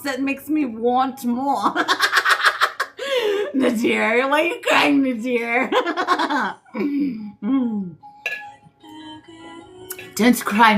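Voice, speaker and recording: A woman's voice: fairly high pitch, bright, forceful tone. A woman hosting a wellness livestream, chatting with viewers in a playful, teasing way, laughing often and calling them darling. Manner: calls listeners "darling". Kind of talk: casual live chat with viewers.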